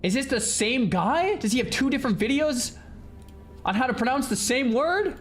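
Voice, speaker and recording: Animated male streamer chatting with viewers. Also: very high-pitched, normal speed, slight background noise. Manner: animated, incredulous, talks to chat. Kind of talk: casual livestream chat.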